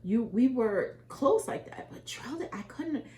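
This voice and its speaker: A middle-aged woman with a West Indian accent talks candidly with her daughter, her voice a little high and unhurried. As mother and co-host of this family conversation, she tells stories with emotional, animated flair, acting out the quotes.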